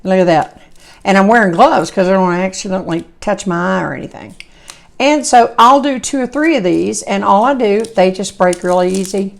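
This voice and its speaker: A woman hosts a home cooking video, chatting along in a folksy, rambling way. Her voice is hoarse and gravelly, cracking in and out as she talks, at an ordinary middle pitch. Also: a little fast. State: hoarse, voice coming and going. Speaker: cooking channel host. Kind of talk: casual cooking demonstration.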